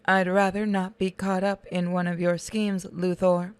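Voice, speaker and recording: A woman voicing a bitter, self-pitying male cyborg prisoner through a robot voice effect, speaking quietly and flatly. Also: fairly low pitch, measured pace, clear, resonant tone, no echo.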